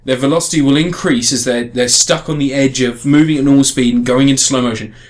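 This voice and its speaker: A man's voice: mid-range voice, quick pace. A man in casual podcast chat, reviewing a game in a rambling way with frequent restarts. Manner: rambling, restarts often, animated emphasis.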